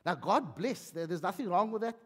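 A man's voice: high-pitched, fairly quick, breathy edge. South african guy preaching, voice jumps all over, big hall echo. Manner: animated, conversational preaching with humor. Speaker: pastor. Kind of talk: sermon. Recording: long hall reverb.

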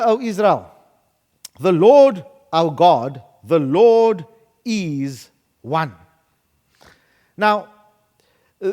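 A man preaching a sermon as pastor, emphatic and building to loud declarations. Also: very high voice. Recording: long hall reverb.

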